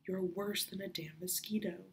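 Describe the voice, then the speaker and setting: A woman's voice: mid-range voice, steady tone, normal speed, natural voice. A woman voicing a curt, dying male pirate captain who hisses short replies. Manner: hissing, clipped replies.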